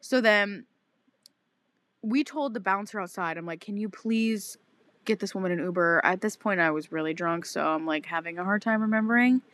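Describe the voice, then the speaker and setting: A young woman in her twenties co-hosting a podcast, telling a story in casual, animated chat with lots of swearing and acted-out quotes. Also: medium pitch, normal speed. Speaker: podcast co-host.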